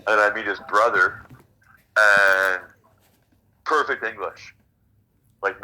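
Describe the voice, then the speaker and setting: A man's voice: fairly low pitch, sharp tone, poor audio. A man from Canada chatting casually while gaming, rambling through stories and swearing freely. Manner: swears a lot, rambling storytelling. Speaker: mobile game player.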